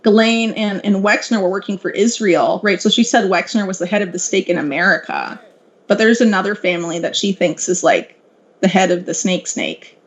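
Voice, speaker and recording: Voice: medium pitch, moderate pace. A podcast guest explaining at length in casual chat, with a lecturing manner and frequent filler words. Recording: dull lo-fi audio.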